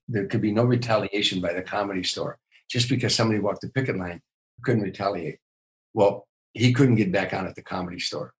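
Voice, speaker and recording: A man's voice: fairly low pitch, rough recording. An older man, a comedian, telling stories in a podcast interview, often repeating words as he starts a sentence. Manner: animated storyteller, repeats words when starting. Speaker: comedian guest.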